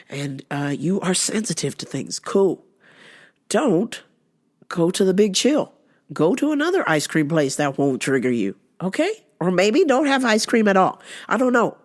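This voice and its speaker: A brash woman rants her way through a casual comedy podcast. Her low voice swings widely up and down as she swears and mocks. She talks loose and unfiltered, like she's riffing with friends. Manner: brash, profane, laughing, mocking quoted voices. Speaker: podcast host.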